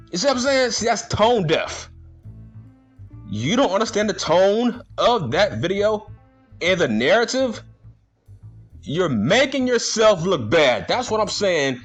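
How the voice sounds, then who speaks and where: A man's voice: sits high, sing-song, measured pace, faint music behind. A man ranting in a vlog, indignant and slangy, firing the same rhetorical questions again and again. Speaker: vlogger.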